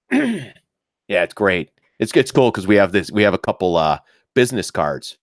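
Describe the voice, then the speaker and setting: A man's voice: lowish voice, wildly swooping pitch, unhurried, dry recording, studio quality. A middle-aged man hosting a casual trading live stream, rambling and joking, swearing casually and laughing often. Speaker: live-stream market host.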